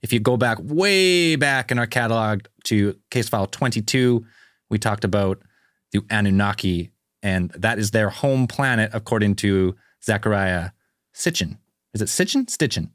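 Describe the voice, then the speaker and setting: Low voiced guy cohosting a podcast, dry sound, laid back. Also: normal speed, fairly bright tone, dry recording. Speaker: podcast co-host. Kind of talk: casual chat.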